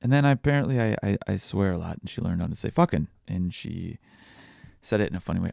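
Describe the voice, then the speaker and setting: Low gravelly man, candid and confessional. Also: expressive, fast talker, darkish tone, no echo, studio quality. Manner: candid, confessional, self-deprecating storytelling. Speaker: podcast host. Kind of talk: casual personal podcast talk.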